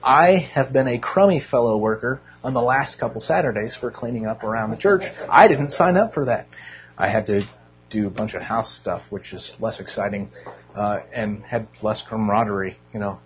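A man's voice: fairly low pitch, moderate pace, dull audio. A man giving an informal, conversational sermon to a church group, earnest with self-deprecating humor. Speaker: Bible teacher.

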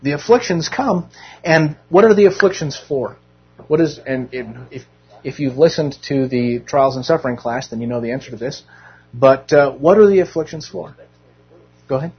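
A man preaches in an earnest, conversational way, mixing scripture with self-deprecating asides. His voice is quite husky and breathy. The recording is muffled and lo-fi. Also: medium pitch, normal speed. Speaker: Bible teacher. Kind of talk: informal sermon.

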